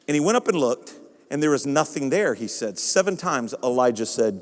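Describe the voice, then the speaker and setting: Male pastor, fiery sermon, high voice, long echoing church reverb. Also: sing-song, brisk. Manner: impassioned, builds to shouting. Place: church sanctuary.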